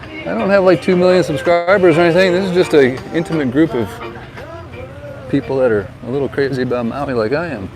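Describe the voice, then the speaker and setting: A vlogger and real estate agent with a voice on the high side talks briskly as he walks and films a seaside town by the harbor and along a street. He gives friendly, tour-guide-like tips, and the poor audio carries music and outdoor street noise in the background.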